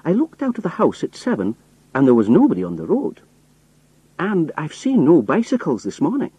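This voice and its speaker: Guy putting on a scottish road worker voice, easygoing, kinda husky and lifted up high. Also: wildly swooping pitch, moderate pace, dark tone, dry recording, exaggerated voice. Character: man faking a Scottish roadman, plain and calm.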